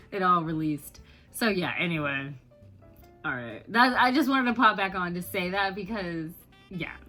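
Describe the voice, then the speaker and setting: Casting: woman vlogger, animated casual rant, bright voice, faint music underneath. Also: mid-range voice. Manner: animated, laughing often, emphatic repetition.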